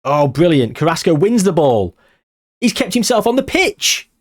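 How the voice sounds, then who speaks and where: A man giving excitable, nervous live commentary on a game he is playing. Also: fairly high pitch, normal speed. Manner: excitable, nervous, reacting loudly to match moments. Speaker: gaming channel host.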